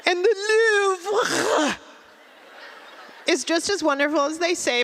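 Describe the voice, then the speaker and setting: A woman's voice: extremely high pitch, fairly bright tone, voice pushed up, heavily acted. A woman putting on a pretentious friend who gushes in a fake French accent. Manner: gushing, pretentious, showy.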